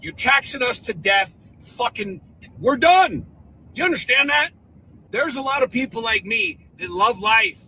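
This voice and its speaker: Furious high-voiced man in a clip. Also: big pitch swings, a little slow, creaky, sharp tone, poor audio. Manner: furious, profane, defiant. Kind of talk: angry video rant.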